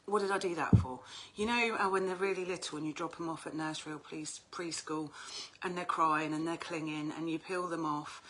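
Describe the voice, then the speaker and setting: A woman's voice: deep voice, fairly quick, few pauses. A middle-aged woman, chatting casually on a livestream as an oracle card reader, talkative and prone to swearing. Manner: chatty, animated, swears freely.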